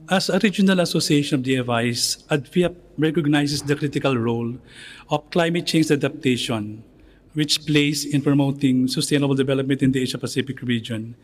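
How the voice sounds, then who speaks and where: Male official on a panel; formal, measured delivery, ordinary pitch. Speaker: association secretary general, panel speaker. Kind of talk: conference panel remarks.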